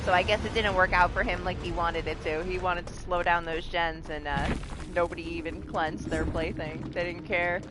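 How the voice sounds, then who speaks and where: A woman's voice: lowish voice, steady tone, moderate pace, few pauses, noisy background. A woman livestreaming a video game, chatting casually, exasperated and often laughing and swearing. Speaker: streamer. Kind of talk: casual live game streaming.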